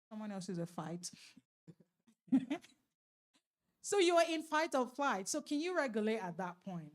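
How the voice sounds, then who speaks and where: Lively woman giving a church seminar talk. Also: medium pitch. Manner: lively, questions the audience directly; laughs often while talking. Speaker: marriage seminar speaker.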